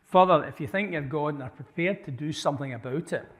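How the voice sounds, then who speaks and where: Here a church speaker talks fast in a fairly high voice, giving a conversational apologetics talk where he quizzes the audience and keeps restarting his sentences. The live recording in the church hall carries long reverb.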